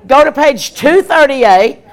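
A woman's voice: high-pitched, slow. Emphatic woman evangelist preaching. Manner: emphatic, animated preaching with repeated lines. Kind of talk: sermon.

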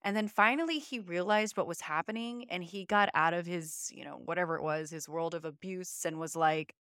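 A woman's voice: on the low side, brisk, a bit bright, smooth, dry recording, clean studio sound. A woman podcast co-host telling a personal story in an earnest, emotional, conversational way. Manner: earnest, emotional, uses many fillers.

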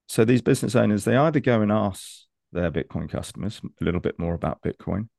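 A man's voice: sits low, creaky, darkish tone, no echo, studio quality. A man, an enthusiastic and persuasive consultant explaining ideas on a video call. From United Kingdom. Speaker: Bitcoin consultant.

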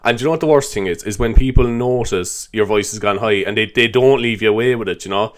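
A man's voice: fairly low pitch, fast talker. A man hosting a comedy show, rambling through an improvised monologue in a self-mocking way and laughing often.

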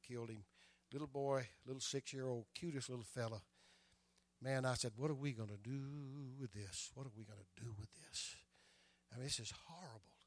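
A man's voice: medium pitch, fairly bright tone, dry recording. Older male pastor, storytelling sermon, repeats himself, amen-heavy, dry and close. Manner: storytelling preacher, repeats words and adds "amen" often.

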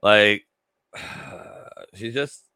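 A man's voice: fairly low pitch, very slow, creaky, bright, forceful tone, clean tone, no echo. A tired man hosting a podcast, reacting to clips with sarcastic, profane commentary. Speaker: podcast host.

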